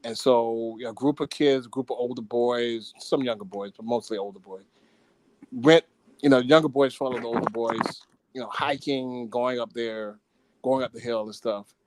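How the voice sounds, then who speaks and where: A man's voice: mid-range voice, steady tone, moderate pace, darkish tone, a little hiss or hum, low-quality recording. A man co-hosting a podcast in casual chat, playfully arguing back and repeating himself to make his point. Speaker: podcast co-host.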